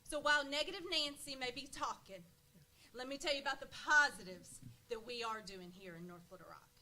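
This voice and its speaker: Bright, passionate board member. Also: female voice, fairly high pitch, a little fast, rough recording. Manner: passionate, rousing, emotional. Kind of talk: public meeting remarks.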